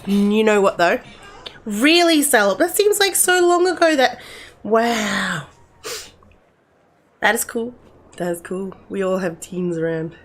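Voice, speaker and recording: A middle-aged woman gives casual game commentary in a middle-pitched voice. She rambles in a relaxed, chatty way and talks to the on-screen characters as if they were friends. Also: slow pace, long pauses. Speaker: gamer playing and commenting.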